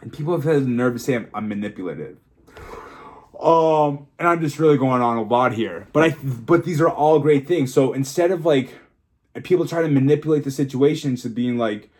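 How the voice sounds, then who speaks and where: A man's voice: medium pitch, moderate pace, a little mellow. Rambling, emotional young man. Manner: rambling, frank and emotional, swears freely. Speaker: fitness coach and vlogger. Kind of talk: candid solo vlog monologue.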